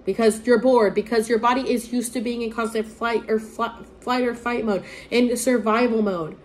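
Chatty young woman, slightly high voice. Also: steady tone, normal speed, a little hiss or hum. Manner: chatty and profane, with lots of "like" and playful voiced quotes. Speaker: vlogger. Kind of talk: casual storytelling to camera. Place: indoors near a window.

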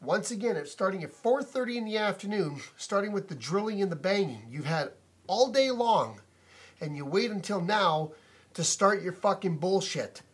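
A man with a high, husky voice vents to camera from inside his house about his noisy neighbor. The profane rant is indignant and repetitive, recorded on a phone or camera mic.

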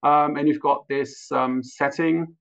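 A man explaining a measuring device in a hesitant, careful way, pausing often as he searches for words. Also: on the high side, fairly even intonation, vocal fry. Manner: hesitant, many fillers and restarts. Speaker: product expert. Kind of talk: technical explanation. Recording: dull lo-fi sound.

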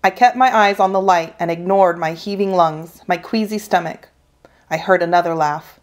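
A woman teacher reading a children's novel aloud with steady, expressive storytelling. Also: lowish voice, moderate pace. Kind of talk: children's book read-aloud.

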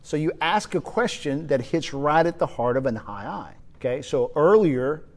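A man giving a spoken leadership lesson, energetic and emphatic, often repeating his key points. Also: fairly high pitch, normal speed. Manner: energetic, emphatic, uses repetition. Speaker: leadership trainer.

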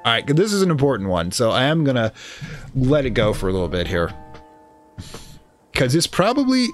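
A man streaming a story game live, thinking aloud and reading the narration. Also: mid-range voice. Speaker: let's play streamer.

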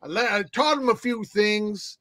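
Playful, teasing man with a high voice. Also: moderate pace, pushed and bright, no room sound. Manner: teasing, playful, mock-insulting. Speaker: co-host. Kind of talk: joking podcast banter.

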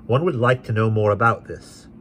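A man voicing a kindly, thoughtful guardian who speaks in a gentle, measured way. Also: lowish voice, slight background noise, voice pushed up, natural voice.

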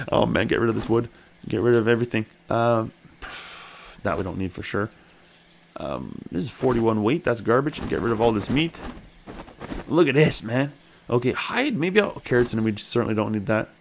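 A gaming channel host talks his way through a let's play, thinking aloud and addressing his character. Every so often he bursts into sudden, excited high exclamations.

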